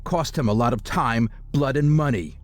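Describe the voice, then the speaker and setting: A man's voice: normal speed, soft background music, natural voice. A man voicing a smug, scheming male halfling bounty hunter who gloats over his captive, in an audiobook. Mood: gloating. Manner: smug, gloating, deeper than the narration.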